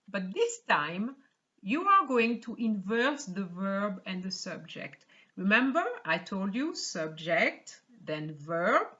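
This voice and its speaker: A woman teaching a beginner language lesson online, explaining slowly and carefully, repeating points and quizzing the viewer. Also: mid-range voice, bright, forceful tone, highs cut off. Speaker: French teacher.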